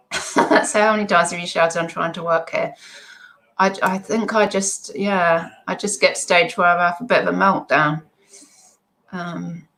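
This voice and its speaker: Middle-aged woman, slightly low voice, rambling chatty live-stream host talking off the top of her head. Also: fairly bright tone, poor audio. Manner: rambling, self-deprecating stream of consciousness. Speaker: eBay seller livestreaming.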